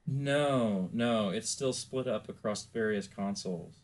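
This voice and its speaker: A man's voice: fairly low pitch, a little slow. A man co-hosting a podcast in casual chat, rambling and laughing easily. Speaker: podcast co-host.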